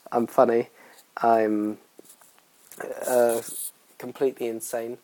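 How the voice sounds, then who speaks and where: A man's voice: mid-range voice, fairly even intonation, moderate pace, a little mellow, breathy edge, low-quality recording. A young man hosting his own podcast in casual, rambling, self-mocking chat full of fillers. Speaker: podcast host.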